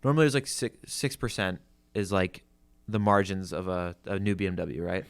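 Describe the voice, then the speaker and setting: A young car salesman tells a rambling story on a casual podcast, leaning heavily on "like" and swearing freely. His voice sits low, at normal speed with a clean tone.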